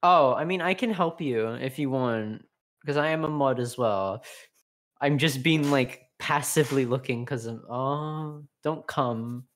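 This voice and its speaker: A man's voice: medium pitch, unhurried, a bit bright. A man joining a livestream as co-host and moderator, bantering in a teasing, playful way. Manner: teasing, playful, mumbly asides.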